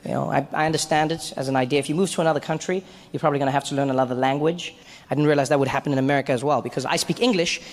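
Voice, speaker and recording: A man with a South African accent telling stand-up stories in an animated way, with his voice climbing high when he gets excited. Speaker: stand-up comedian. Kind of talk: stand-up storytelling. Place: comedy stage.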